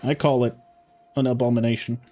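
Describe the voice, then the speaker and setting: Playing a game, a game streamer in his forties offers casual, self-deprecating commentary in an accent blending British schooling with Texan. His mid-range voice is level, dark and a bit fast, with faint music in the background.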